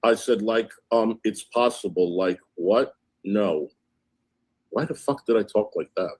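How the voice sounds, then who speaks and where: A man's voice: lowish voice, normal speed, darkish tone. A man hosting a livestream, casually recounting and reading out text messages in an indignant tone. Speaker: livestream host.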